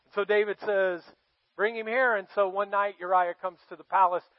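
High-voiced male pastor preaching. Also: little pitch movement, no echo. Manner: conversational storytelling, dramatic pauses, asks the audience questions. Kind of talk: sermon. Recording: dull, dry sound.

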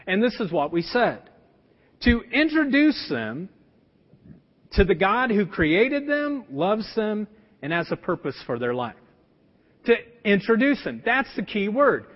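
A man's voice: high-pitched, very animated, normal speed. A middle-aged male pastor preaching a sermon, telling a personal story in a conversational way with plenty of fillers. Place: church sanctuary. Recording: dull lo-fi sound with long church reverb.

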